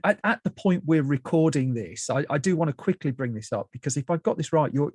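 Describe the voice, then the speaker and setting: A man hosts a film podcast, his voice mellow and dark. He recorded it dry and close, and he asks questions in a jokey, stumbling way, often restarting his words. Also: medium pitch, no echo. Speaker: podcast host. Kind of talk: conversational interview.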